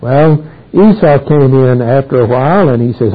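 A man with a husky voice teaching through a Bible passage verse by verse, reading each verse aloud and then explaining it. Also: mid-range voice, big pitch swings, moderate pace. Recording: tinny phone-like old recording.

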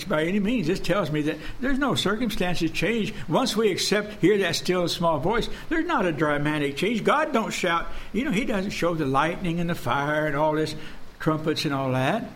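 A man preaching an earnest sermon, repeating phrases and dropping to a hush to stress a point. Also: on the high side, animated, moderate pace, a little hiss or hum. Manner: earnest, repetitive, drops to a hush for emphasis.

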